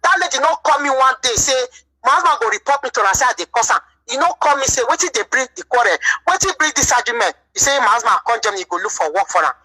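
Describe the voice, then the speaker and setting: A woman's voice: high voice, lively intonation, fast, pushed and bright, poor audio. A woman speaking Nigerian Pidgin English, telling an aggrieved personal story in a vlog monologue, full of repetitions. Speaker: vlogger.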